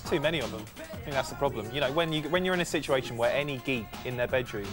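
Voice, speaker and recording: A man's voice: medium pitch, fast talker, over music. A man chatting as a studio guest, wry and opinionated. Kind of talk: casual chat.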